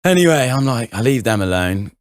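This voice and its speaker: A man's voice: mid-range voice, sing-song, fairly quick, no room sound, clean studio sound. A young man on a podcast, telling a rambling anecdote full of fillers and laughs. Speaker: podcast co-host. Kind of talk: casual chat, storytelling.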